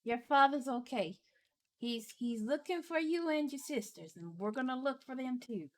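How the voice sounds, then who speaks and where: Higher-voiced woman playing a tabletop game. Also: lively intonation, normal speed. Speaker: player. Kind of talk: casual tabletop play.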